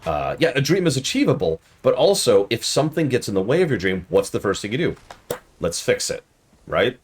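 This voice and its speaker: A man's voice: medium pitch, sing-song, a little fast, a little hiss or hum. A man streaming a game review in casual commentary, easily exasperated and ranting at the game while chatting with viewers.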